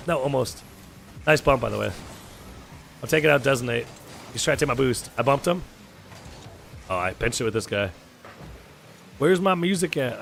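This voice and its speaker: A young man with a hoarse, sore throat, chatting casually with viewers while streaming a game and swearing freely. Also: medium pitch, a bit bright, a little hiss or hum. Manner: chatty, swears freely, calls people dude. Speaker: gaming streamer. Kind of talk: casual gaming chat with viewers. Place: home gaming setup.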